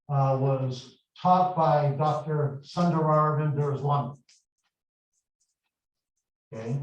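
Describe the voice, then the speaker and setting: A middle-aged man teaching a math class, explaining slowly and deliberately and wandering into chatty stories from his past. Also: a little high, a little mellow. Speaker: math instructor. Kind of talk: classroom lecture. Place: large echoey classroom. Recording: echoey, distant, dull classroom recording.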